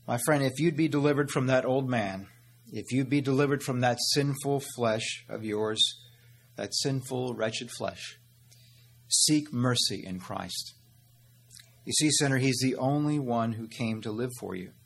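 A man's voice: medium pitch, normal speed, creaky. A man preaching a sermon as pastor, earnest and direct, calling his listeners "beloved" and "my friend" and asking questions he answers himself.

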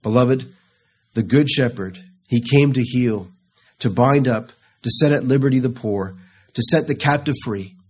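A man preaching a sermon, reading scripture slowly and rising into fervent, pleading passages. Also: mid-range voice, breathy edge. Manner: slow, rising to fervent pleading in quoted psalms.

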